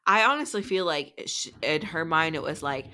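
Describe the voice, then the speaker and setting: A young woman co-hosting a podcast, chatty and animated as she recaps a book, swearing freely. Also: sits low, moderate pace. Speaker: podcast co-host. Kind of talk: casual book discussion.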